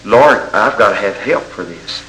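A man preaching a sermon, telling folksy stories and rising into loud exhortation. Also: fairly low pitch, expressive, moderate pace, rough recording.

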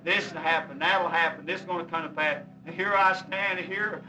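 A man's voice: high voice, fairly even intonation, moderate pace. A man preaching a fervent, folksy sermon in plain vernacular, breaking into hymn singing. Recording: old recording, voice a bit far from the mic, with music. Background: hymn music.

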